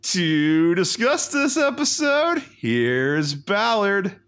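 A man hosting a casual podcast, reading episode summaries aloud in a jokey, animated way. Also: sits high, very slow, clear, resonant tone. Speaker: podcast host.

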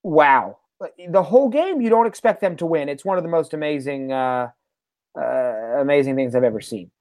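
Fired-up Philly podcast host, dry sound. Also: male voice, a little high, expressive, normal speed, darkish tone, no room sound. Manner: upbeat, fired up. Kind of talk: casual sports podcast chat.

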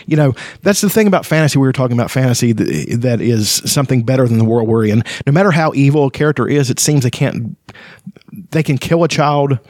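A man's voice: mid-range voice, lively intonation, darkish tone, no echo. Rambling man talking about a book. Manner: rambling, halting, many fillers. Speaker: podcast host discussing a fantasy novel. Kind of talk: casual book discussion with read-aloud passages.

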